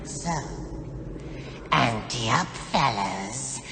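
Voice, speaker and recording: The Crypt Keeper, a cackling gravelly ghoul. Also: male voice, medium pitch, animated, heavily acted. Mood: gleeful mocking. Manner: drawn-out ghoulish puns. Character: cackling ghoulish male crypt host, punning and gleeful. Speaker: horror anthology host. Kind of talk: campy horror-show hosting. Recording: noisy clip with long reverb.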